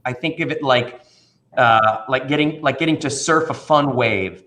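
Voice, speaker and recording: A man who works as a children's magician talks in a relaxed interview. He tells stories with animated energy and slips into playful voices for the people in them. His pitch sits in the middle range. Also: moderate pace. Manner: animated storyteller, acts out voices in anecdotes. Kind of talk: casual interview conversation.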